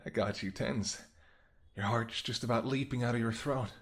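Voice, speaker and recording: A man voicing a flirtatious, predatory male vampire in a whispered role-play, speaking in a soft, teasing, seductive murmur. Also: medium pitch, steady tone, moderate pace, lightly acted. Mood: hungry. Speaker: voice actor.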